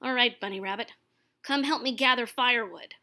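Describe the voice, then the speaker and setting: A woman's voice: fairly high pitch, a little fast, bright, forceful tone. A woman reading aloud and voicing a grumpy, nasty-tempered male varmint who snarls curt replies.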